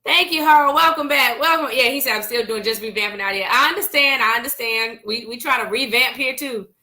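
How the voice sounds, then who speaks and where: A woman's voice: fairly high pitch, brisk, sharp tone. A woman co-hosting a church live-stream show, chatting casually and teasingly greeting viewers by name.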